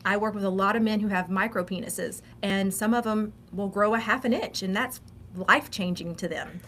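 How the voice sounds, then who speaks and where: A woman's voice: medium pitch, a little fast, a bit bright, a little hiss or hum. A woman with a Texan accent, a sex coach talking frankly and confidently as a guest on a casual show. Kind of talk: casual interview talk.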